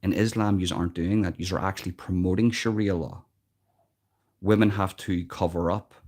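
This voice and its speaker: This Irish live stream host has a deep, slightly mellow voice with fairly even intonation and a moderate pace. His commentary is earnest and emphatic, with frequent repeated words as he thinks, captured only through a built-in device mic.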